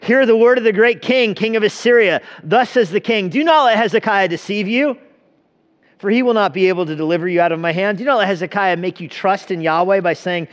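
A boastful envoy who bellows threats at a besieged crowd, his voice lifted high and loud, as a male preacher puts him on. He slides easily into a mock-friendly sales patter. The sound is dull and carries a long hall reverb. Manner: loud, booming proclamation. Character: blustering male Assyrian envoy shouting threats.

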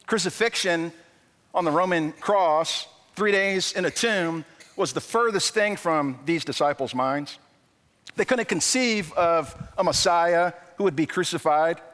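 A man preaching a sermon as pastor, animated and acting out quoted dialogue, often repeating words as he goes. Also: fairly high pitch, unhurried, big-room sound. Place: church sanctuary.

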